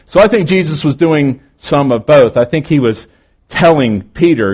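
Delivering a morning sermon, this male pastor has a slightly high, breathy voice with lively intonation. His preaching swings from emphatic statements to softer, stretched-out phrases.

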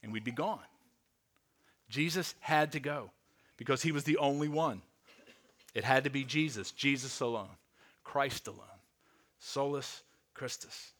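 Bright-voiced man preaching earnestly. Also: mid-range voice. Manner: earnest, slows and drops softly on key words; repeats words while restarting. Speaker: pastor. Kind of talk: sermon.

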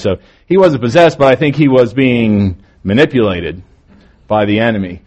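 A male pastor preaching a morning sermon, moving between emphatic lines and quieter, drawn-out phrases. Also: mid-range voice.

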